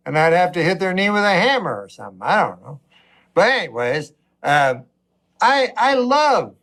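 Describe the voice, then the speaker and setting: A man doing a rambling, wry stand-up routine, swinging between low mutters and a raised voice. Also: fairly bright tone. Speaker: stand-up comedian.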